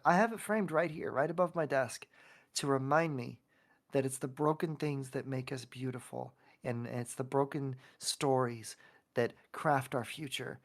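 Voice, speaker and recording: A man from Oklahoma, a self-love coach and podcast guest, telling a heartfelt personal story in a rambling way with many restarts. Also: medium pitch.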